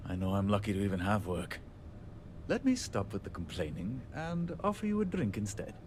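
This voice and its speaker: A man's voice: on the low side, huge pitch swings, moderate pace, darkish tone, a little hiss or hum. An actor playing a short-tempered, self-deprecating male handyman in a video game, speaking in a wry, joking way. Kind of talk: video game character dialogue.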